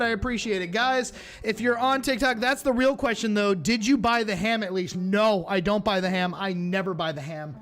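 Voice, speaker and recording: A man's voice: high-pitched, normal speed, fairly bright tone, faint music behind. A man streaming live, chatting casually and playfully with his audience while reacting to videos. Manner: chatty, playful, talks straight to his chat.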